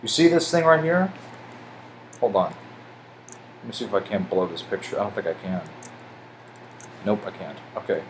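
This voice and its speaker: A man with a lowish voice rambles through a casual commentary over pictures, getting excitable and swearing. He stumbles when he reads text aloud. A faint air-conditioner hum sits behind him. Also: moderate pace, pauses often, low-quality recording. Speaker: conspiracy video host.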